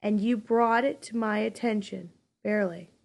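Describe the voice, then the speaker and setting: A woman reading aloud, voicing a weary, sorrowful old male mentor who speaks in a steady, measured way. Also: mid-range voice, vocal fry, lightly acted.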